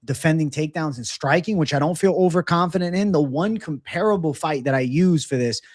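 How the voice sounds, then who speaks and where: A man's voice: fairly high pitch, a little fast, no room sound, clean studio sound. A man co-hosting a fight betting show, giving blunt predictions in casual, profane chat and reading out odds.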